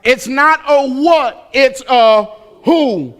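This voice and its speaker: A man preaching a sermon with a strikingly high voice for a man. He drives his points with call-and-response questions and swells into shouting. His delivery is emphatic and repetitive. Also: drawn-out words. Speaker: pastor.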